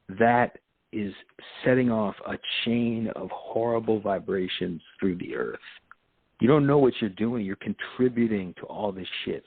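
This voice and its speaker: A lowish, husky male voice rambles through a preachy monologue, swearing and laughing as he goes. The sound is thin and phone-like, with no room around it. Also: no echo. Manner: profane, laughs often, preachy. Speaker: podcast host.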